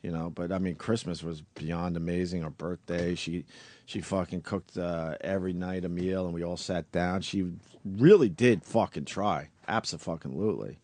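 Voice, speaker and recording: A man's voice: fairly even intonation, moderate pace. Profane, frank male radio host. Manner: frank and profane, swings from low and quiet to loud. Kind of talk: candid radio talk.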